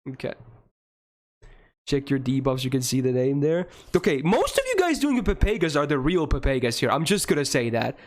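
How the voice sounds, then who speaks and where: A man's voice: a little high, wildly swooping pitch, brisk. A man streaming a game live, talking casually to his chat and getting frustrated, swearing and ranting about the game.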